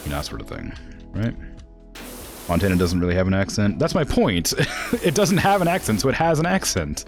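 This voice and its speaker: A game streamer with a northwestern US accent, talking casually and rambling with plenty of fillers. His voice sits very low yet swings widely in pitch. Faint music plays behind him. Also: lively intonation, brisk. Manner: rambling, filler-heavy, laughing asides. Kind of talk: casual stream chat while gaming.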